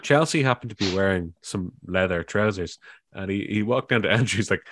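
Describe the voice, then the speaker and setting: A man's voice: low-pitched, brisk, fairly bright tone, no echo, studio quality. A man co-hosting a casual chat, telling a funny story in a laid-back way with swearing and acted-out quotes.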